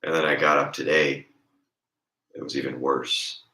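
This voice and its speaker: A hoarse, congested man with a raspy voice, rambling and joking in a casual chat as a streamer. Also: rumbling low, level tone, moderate pace, bright, forceful tone, reverberant.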